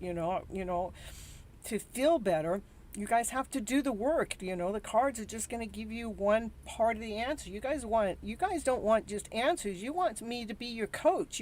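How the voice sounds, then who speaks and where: A woman's voice: mid-range voice, darkish tone, slight background noise. Worn-out woman doing a live tarot reading. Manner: rambling, weary and exasperated, with frequent restarts. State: worn out and tired. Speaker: tarot reader and show host.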